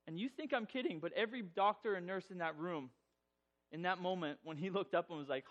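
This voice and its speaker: A man's voice: high voice, moderate pace, pauses often, muffled recording. A man telling a personal story to an audience, humorous and self-mocking, acting out the voices. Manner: animated, acts out voices in his telling.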